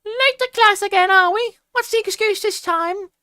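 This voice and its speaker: A man voicing a strict, sarcastic female history teacher in a shrill falsetto. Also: moderate pace, sharp tone, no room sound, studio quality.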